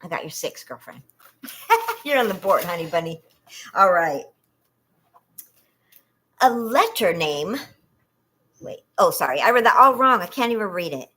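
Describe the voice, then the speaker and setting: A woman's voice: on the low side, big pitch swings, unhurried, long pauses, pushed and bright, slightly rough. A woman from California hosting a casual trivia livestream, chatty and giggling often as she reads questions and talks to viewers.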